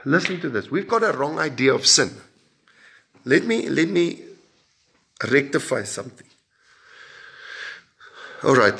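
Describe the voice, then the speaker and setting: A man preaching a sermon in an emphatic way, with sudden rises and drops in pitch and loudness and frequent repeated words. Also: very animated, a little slow, vocal fry, pauses often.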